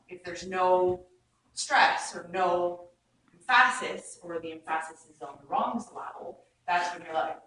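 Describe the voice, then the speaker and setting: A woman's voice: fairly low pitch, measured pace, fairly bright tone, a little hiss or hum. Woman teaching verse in an echoey room. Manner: explains with demonstrations and quoted verse, chatty. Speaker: acting workshop teacher. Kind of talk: teaching a Shakespeare workshop. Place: rehearsal room. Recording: echoey room, far from the mic.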